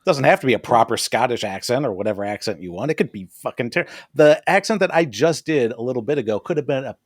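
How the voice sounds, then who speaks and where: A man's voice: medium pitch, expressive, quick pace, dry recording, clean studio sound. A man co-hosting a podcast, recapping a TV episode in casual chat, swearing and laughing often. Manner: profane, jokey, laughs often. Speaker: podcast co-host.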